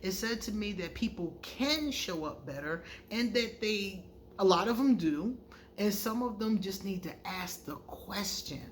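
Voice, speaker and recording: A woman's voice: medium pitch, unhurried. Woman tarot reader for a vlog, chatty and frank, tells stories with energy, mid-range voice, light room noise behind. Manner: animated storyteller who acts out quoted dialogue; frank and conversational, addresses viewers directly. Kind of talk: casual vlog monologue.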